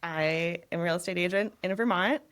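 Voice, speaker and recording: A woman's voice: fairly low pitch, fairly quick, a bit bright, clean tone. A woman in her thirties, a real estate agent from New England, chatting in a casual interview, rambling a little and laughing often.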